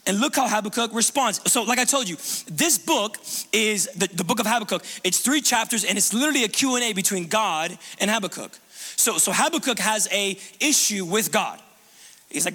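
A male pastor delivers a sermon in a notably high, bright voice. He talks conversationally and animatedly, restarting phrases as he goes. The church hall gives every sentence a long, ringing reverb. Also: a little fast. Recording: long reverb of a large room.

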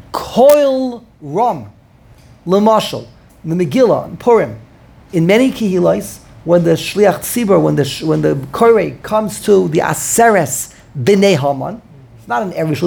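A man's voice: high voice, gravelly, a little mellow, slightly rough. A man teaching a Talmudic lecture as a rabbi, thinking aloud, repeating words as he works through the argument and using many Hebrew terms.

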